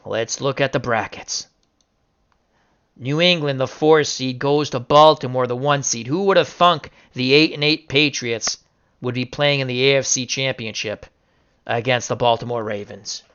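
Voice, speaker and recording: A man giving casual play-by-play commentary on simulated football games, excitable and bursting into shouts over big upsets. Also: mid-range voice, normal speed, clean tone, lo-fi sound. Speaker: video game sim commentator.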